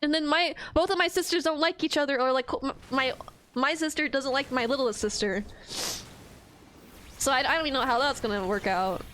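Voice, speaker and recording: A woman's voice: high voice, a little fast, a bit bright, slight background noise, rough recording. A young woman streamer venting in casual chat to her viewers, swearing often and stumbling over her words. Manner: ranting, frequent swearing and restarts.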